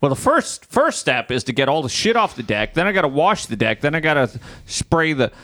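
Profane, animated man telling a story. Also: fairly high pitch, brisk, dry recording, clean studio sound. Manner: profane, animated storyteller acting out his own exasperation. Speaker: podcast host. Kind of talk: casual chat.

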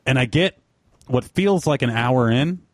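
A man's voice: medium pitch, animated, a little slow, no room sound, clean studio sound. A man telling a rambling, profane story in casual podcast chat, mocking himself.

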